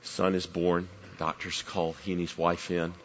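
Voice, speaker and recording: A middle-aged man preaching a sermon, swinging from loud emphatic build-ups down to near-whispers. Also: deep voice, little pitch movement, unhurried, in a large hall, lo-fi sound, slight background noise.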